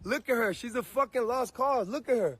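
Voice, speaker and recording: A man arguing heatedly and profanely with police outside his home, shouting and frustrated. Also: very high voice, a little fast, breathy edge, dry recording.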